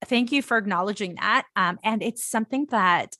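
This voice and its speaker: A woman's voice: mid-range voice, normal speed, sharp tone, no echo, clean studio sound. A woman from India, a guest on a podcast, explaining things candidly. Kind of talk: podcast interview.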